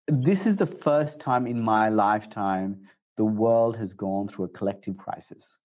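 Animated man in conversation. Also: a little slow. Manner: animated, jumps up in pitch for quoted asides. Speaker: guest speaker on communication. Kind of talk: conversational interview answers.

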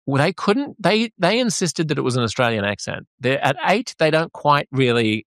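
Gravelly-voiced chatty male podcast host. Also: a little high, expressive, normal speed, fairly bright tone, no echo. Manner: rambling, chatty, laughs while talking. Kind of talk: casual conversation.

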